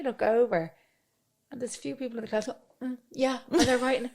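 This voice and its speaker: An Irish woman in her thirties, co-hosting a podcast in casual chat and telling animated, sweary stories. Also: medium pitch, fast talker. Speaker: podcast co-host.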